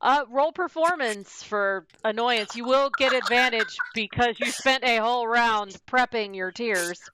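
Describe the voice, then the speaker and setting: A woman's voice: fairly high pitch, unhurried, pushed and bright, smooth, poor audio. A woman running a tabletop game as game master, playful and laughing often.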